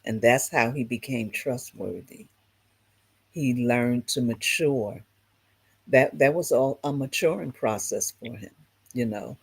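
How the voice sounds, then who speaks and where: A mid-pitched voice chats casually about scripture and retells the stories with plenty of humor. The quotes get acted out in animated bursts. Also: unhurried, gravelly, husky. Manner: laughing, storytelling with acted-out quotes. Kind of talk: casual Bible discussion.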